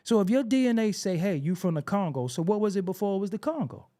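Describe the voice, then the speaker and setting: Man, podcast host, heated casual talk, lively pitch, warm dark timbre. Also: quick pace. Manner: animated, preachy, swears a lot.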